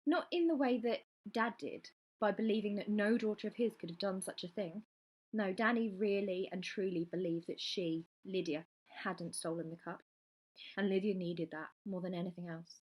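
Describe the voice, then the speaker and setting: Husky woman reading a chapter aloud, steady and measured. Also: mid-range voice. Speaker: reader.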